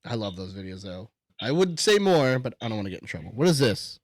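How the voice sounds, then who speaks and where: A man's voice: on the low side, sing-song, fast, no echo. A man co-hosting a casual podcast, joking and swearing freely. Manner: profane, joking. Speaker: podcast co-host.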